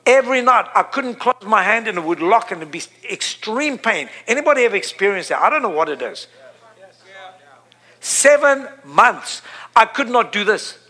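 A man's voice: high-pitched, big pitch swings, normal speed, pushed and bright. A middle-aged man preaching a sermon, impassioned and repetitive, building to emphatic peaks.

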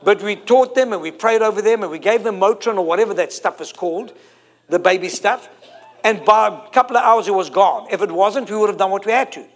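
A preacher in his forties with a notably high-pitched voice. He delivers his sermon emphatically, repeating and drawing out his key phrases. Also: a little fast. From South Africa.

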